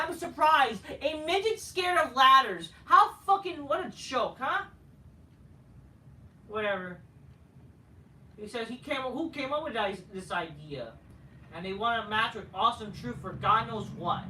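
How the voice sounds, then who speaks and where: A woman's voice: sits high, bright, forceful tone. A woman hosting a wrestling show review, ranting in a crude, sarcastic, heated way. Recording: echoey room, far from mic.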